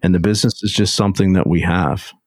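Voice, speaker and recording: Podcast guy, lowish voice, calm explainer, keeps asking right?, dry sound. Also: fast talker, dry recording. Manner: steady, explanatory, checks in with "right?". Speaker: podcast co-host. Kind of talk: casual podcast chat.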